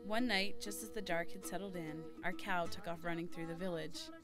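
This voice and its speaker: A young woman, a former volunteer, tells a personal story in an earnest, scripted manner, shouting out the quoted cries. Her voice is fairly low with a steady tone and moderate pace. Loud music plays under her narration.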